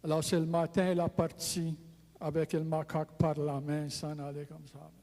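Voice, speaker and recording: A man with a Cajun accent telling folk tales in an unhurried, deliberate way. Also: on the high side, level tone, darkish tone, in a large hall. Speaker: storyteller.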